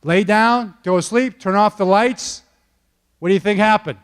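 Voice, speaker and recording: A man's voice: high-pitched, normal speed, clear, resonant tone. A man, a football coach, giving a motivational storytelling talk to an audience, keeping listeners with him with frequent "okay?" and "all right?" check-ins. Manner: animated, punctuates points with "okay?" and "all right?". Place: event stage before an audience.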